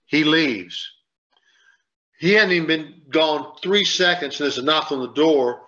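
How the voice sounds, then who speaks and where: A man's voice: fairly high pitch, a little slow, sharp tone. A man on a sports radio show, rambling and repeating himself as he tells a story and acts out what people said. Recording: dull lo-fi sound.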